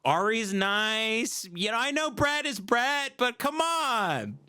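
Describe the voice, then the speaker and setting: A man's voice: extremely high pitch, big pitch swings, slow pace, sharp tone, smooth, pitched above the performer's own voice, exaggerated voice. A man voicing a wife who stammers and pleads with her husband to come to a dinner. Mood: coaxing. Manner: wheedling, coaxing, stammering.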